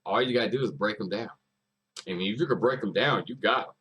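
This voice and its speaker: Husky-voiced man reacting to music. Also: fairly low pitch, fast talker, bright, forceful tone, poor audio. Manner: emphatic, repeats lyrics and hypes the artist. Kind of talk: casual reaction commentary.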